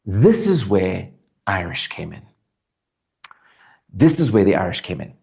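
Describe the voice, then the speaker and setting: A South African man speaks in an interview with a lively, rising and falling delivery. He is earnest and reflective, often circling back to restart a sentence before landing his point. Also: low-pitched, a little slow, creaky. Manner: animated, earnest, thinks aloud with restarts. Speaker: actor guest. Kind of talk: interview conversation.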